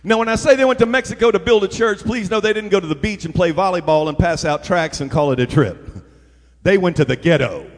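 High-voiced preacher in an echoey hall. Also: male voice, a little fast. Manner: energetic storytelling with call-and-response to the crowd. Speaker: pastor. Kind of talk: sermon. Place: church sanctuary.

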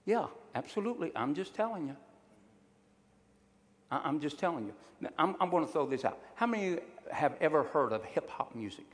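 A man's voice: fairly high pitch, sing-song, fairly quick, in a large hall. A male pastor preaching a sermon, emphatic and drawing call-and-response from his congregation.

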